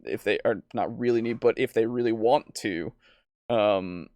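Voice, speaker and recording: A man's voice: on the low side, measured pace, a little mellow, no room sound. A man co-hosting a tabletop gaming podcast, talking casually in a rambling way with frequent laughs. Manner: rambling, with fillers and restarts, laughs often. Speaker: podcast co-host. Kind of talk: casual chat.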